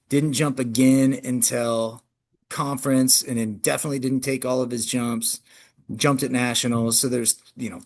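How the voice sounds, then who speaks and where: Animated male track coach talking shop. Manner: animated, frequent restarts, jumps in pitch when emphatic. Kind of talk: conversational interview answers.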